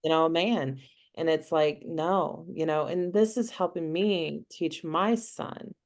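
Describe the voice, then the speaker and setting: A woman's voice: low voice, slow, darkish tone. A woman speaking as an interview guest over a video call, heartfelt and peppered with "like" and "you know". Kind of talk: casual interview chat.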